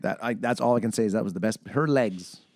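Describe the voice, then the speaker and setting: A man's voice: on the low side, fast, a little mellow, no echo. A man co-hosting a casual movie-review podcast, rambling and swearing freely as he acts out lines from the film. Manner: profane, rambling, acts out quotes in silly voices. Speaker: podcast co-host.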